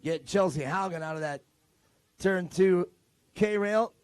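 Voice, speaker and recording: A race track announcer from California talks in a high, bright-pitched voice, rambling and cracking jokes between calls. The sound is close and dry, with little room around it. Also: male voice, takes it slowly, clean tone, no echo. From Modesto, California. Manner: joking, rambling banter. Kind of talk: live race commentary.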